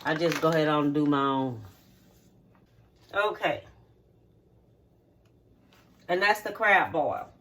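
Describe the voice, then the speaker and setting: A woman's voice: sits low, slow pace, long pauses, a bit bright. A middle-aged woman in her home kitchen, showing how she cooks in a homey, repetitive way and checking in with "okay?". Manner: homey, repeats steps, checks in with 'okay?'. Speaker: home cook and channel host. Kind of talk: casual cooking demonstration.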